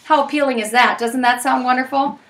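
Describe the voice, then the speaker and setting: A woman in her forties leading a parenting class, telling stories in a lively, chatty way with plenty of fillers. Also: high-pitched, brisk, distant mic.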